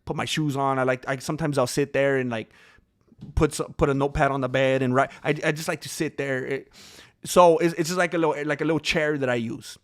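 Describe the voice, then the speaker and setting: A man's voice: medium pitch, fast talker. A man chatting casually on a live stream, reading out supporters' names and telling a rambling story with lots of restarts and laughs. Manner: animated, rambling, laughs a lot, many restarts.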